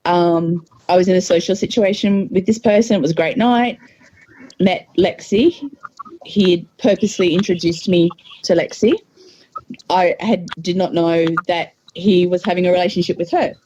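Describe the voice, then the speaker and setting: Woman guest, hesitant storyteller; lowish warm voice on a dull, slightly hissy line. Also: fairly even intonation, moderate pace. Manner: hesitant, many ums. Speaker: podcast guest. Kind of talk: personal story in casual talk.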